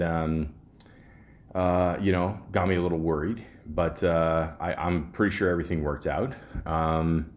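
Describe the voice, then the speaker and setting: A Canadian podcast host tells stories in a rambling, casual monologue full of ums and restarts. His voice sits low, with a darkish tone.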